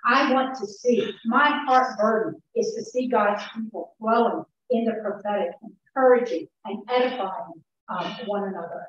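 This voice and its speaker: A woman's voice: mid-range voice, a little hiss or hum. Earnest woman preacher in an echoing church. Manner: earnest, anecdotal, halting storytelling. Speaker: conference speaker. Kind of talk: sermon-style teaching with a story. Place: church sanctuary. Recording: very echoey church sound, far from mic, dull.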